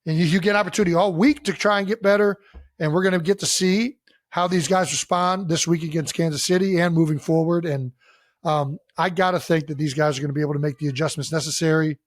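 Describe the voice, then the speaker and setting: A man's voice: on the high side, fairly even intonation, fast, no echo, studio quality. A man co-hosting a podcast in casual sports chat, giving long emphatic explanations and swearing often. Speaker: podcast co-host.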